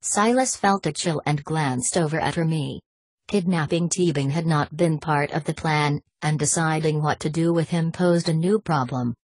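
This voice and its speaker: A woman reads a novel aloud in a steady, even audiobook style. Her voice is low and husky. The recording is close and dry with no room sound. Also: moderate pace, no echo. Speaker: audiobook narrator. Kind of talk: scripted audiobook narration.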